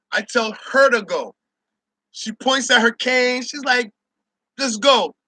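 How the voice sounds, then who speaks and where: Male host, high and sharp-toned, profane laughing rant, dry mic. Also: no echo. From Barbados. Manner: loud, profane, laughing, mocks others in shouted voices. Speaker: show host. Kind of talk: ranting opinion monologue.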